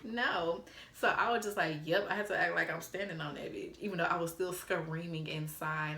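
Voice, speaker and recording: A woman in her twenties telling a story to camera, animated and profane, laughing as she acts out old text messages. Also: lowish voice, normal speed, few pauses, reverberant, slight background noise. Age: 20s. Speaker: storytime vlogger.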